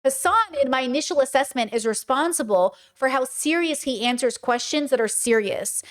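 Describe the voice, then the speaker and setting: A woman's voice: sits high, expressive, normal speed. A woman streaming live commentary, talking passionately and emphatically and answering her chat.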